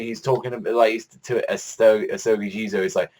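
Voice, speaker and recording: A man's voice: lowish voice, a little fast, hardly any pauses. A man giving a casual, rambling review of a manga chapter, swearing often and filling his talk with "like". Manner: rambling, profane, heavy use of "like"; excitable fan enthusiasm.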